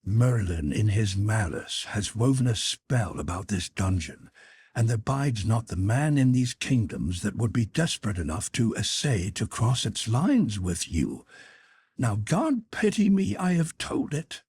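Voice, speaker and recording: A man voicing a timid, frightened young male page in a high, pleading voice, in an audiobook reading. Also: wildly swooping pitch, slow pace, darkish tone, slightly rough, no room sound, heavily acted.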